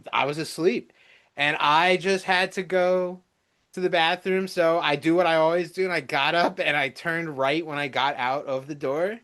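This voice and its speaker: A man co-hosting a podcast, telling a family story with frequent laughter and halting restarts. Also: on the high side, a bit bright. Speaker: podcast co-host, son. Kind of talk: casual storytelling chat.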